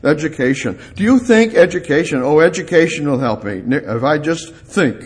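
Emphatic preaching man, higher voice. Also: expressive, moderate pace. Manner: emphatic, repeats words, asks the congregation questions. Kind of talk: sermon.

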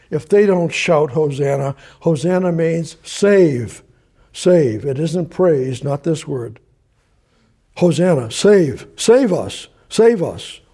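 A man's voice: a little high, mellow, husky. An older man teaching verse by verse from the Bible, rambling and repeating himself as he paraphrases scripture. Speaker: preacher.

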